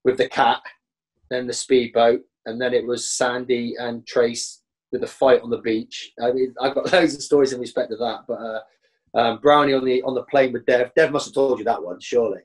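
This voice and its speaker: Man, husky voice, ex-footballer guest, animated storytelling, jumps high acting out others. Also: moderate pace. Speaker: former professional footballer, guest. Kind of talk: anecdotal storytelling.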